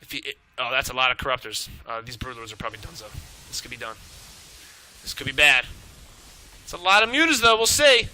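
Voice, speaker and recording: A man shoutcasting a live strategy game match, excitable and swearing freely as he calls the action. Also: mid-range voice, poor audio. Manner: excitable, swearing, rapid reactions. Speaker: esports shoutcaster. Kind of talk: live play-by-play game commentary.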